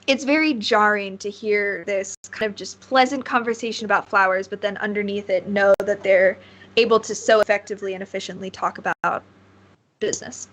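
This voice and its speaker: A woman's voice: medium pitch, a little fast, poor audio. Woman narrating a tabletop game. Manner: relaxed, rambling narration with fillers. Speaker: game master.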